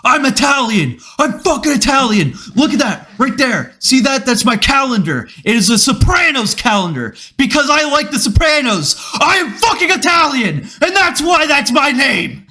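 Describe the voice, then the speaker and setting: A man's voice: extremely high pitch, big pitch swings, moderate pace, few pauses, pushed and bright, voice pushed up, heavily acted. A man putting on the voice of a red-faced, hot-tempered male shop teacher who screams everything. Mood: screaming boast. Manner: screaming, boastful.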